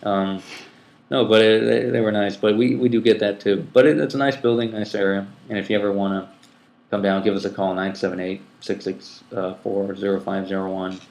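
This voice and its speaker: Male podcast host, lowish voice, rambling and filler-heavy, roomy echo. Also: level tone, fairly quick, gravelly, darkish tone. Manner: rambling, many ums and restarts, laughs easily. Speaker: public access TV coordinator and podcast host. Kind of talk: casual podcast chat. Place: room at a community TV station.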